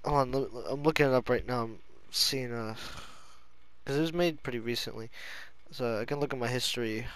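A man's voice: mid-range voice, brisk, a bit bright, clean tone. A man chatting casually, rambling, giggling and swearing as he talks. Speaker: friend chatting. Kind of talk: casual chat.

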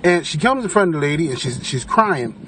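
Animated, cursing man telling a story. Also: a little high, a little fast. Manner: animated, profane, acts out quoted voices. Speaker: vlogger. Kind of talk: casual storytelling vlog.

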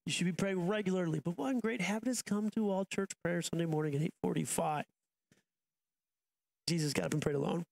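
A man's voice: sits high, fairly quick, creaky, darkish tone. A man in his thirties, a pastor preaching a sermon in a casual, conversational way, often restarting and going off on asides. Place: church auditorium.

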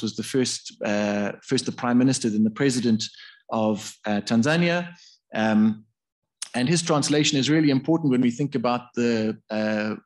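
A man giving a university lecture in a hall, thinking aloud in a hesitant, discursive way. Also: mid-range voice. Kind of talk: academic public lecture.

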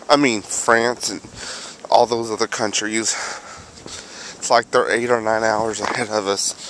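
Walking a windy road near where he lives, a man records a chatty, rambling vlog on a handheld camera, often fixing what he just said. His voice is fairly low and a bit bright. Wind and passing cars are faintly audible behind him.

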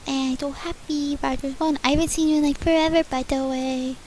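A female channel host chatting excitedly and thanking viewers by name during a casual gift-opening vlog. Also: high voice, fairly quick, a little hiss or hum, rough recording.

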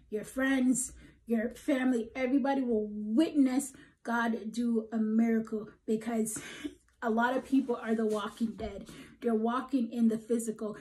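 A woman's voice: fairly high pitch, darkish tone, rough recording. A woman preaching a prophetic encouragement message, emphatic and repeating "okay?", sometimes dropping to a whisper. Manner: emphatic, tags "okay?" after points, drops to whispers.

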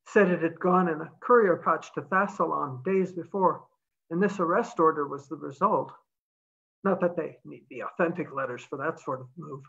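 Woman reading out a stubborn steady soldier guy, calm and firm, lo-fi muffled sound. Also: low-pitched, normal speed, gravelly.

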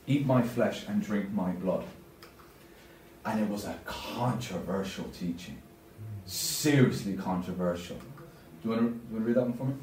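A man's voice: lowish voice, normal speed, a little mellow, a little hiss or hum. A man giving a parish talk as a deacon, speaking emphatically and putting questions to his audience. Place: church. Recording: echoey church from far off.

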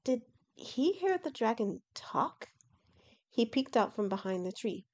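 A woman reading her own fantasy novel aloud in a steady, expressive storybook narration. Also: a little high, a little slow.

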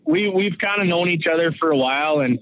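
A man's voice: a little high, a little fast, no room sound. A man from Saskatchewan, a guest talking casually over the phone, rambling through stories with frequent laughs. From Canada, Saskatchewan. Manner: relaxed rambling storyteller, laughs often. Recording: phone-like narrow sound.

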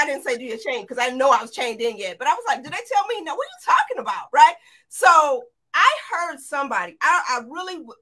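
A middle-aged woman, a guest in an interview, retelling a frightening experience in an animated, excited way, often restarting her sentences. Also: high voice. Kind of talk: emotional storytelling.

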